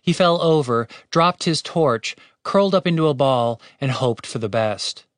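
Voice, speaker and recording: A man reading an audiobook narration in a steady, wry storytelling manner. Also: mid-range voice, a little slow, no room sound, studio quality. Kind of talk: scripted narration.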